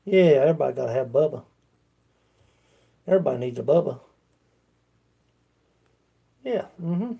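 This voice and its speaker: A man's voice: fairly high pitch, lively intonation, normal speed, vocal fry, long pauses, slightly rough, lo-fi sound. A man with an Appalachian accent, chatting casually with his livestream viewers in a rambling, folksy way. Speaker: livestream host.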